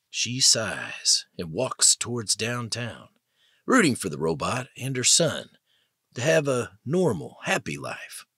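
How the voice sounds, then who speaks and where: A man narrating an audiobook in a dramatic, expressive way. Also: on the low side, slightly rough, dry recording, clean studio sound. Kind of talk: scripted narration.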